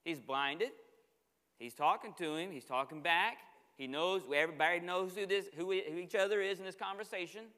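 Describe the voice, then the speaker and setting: A man preaching a sermon as pastor, telling stories in an animated way and acting out the dialogue. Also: high voice, a little fast, smooth, long reverb tail. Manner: animated storytelling, acts out dialogue. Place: church sanctuary.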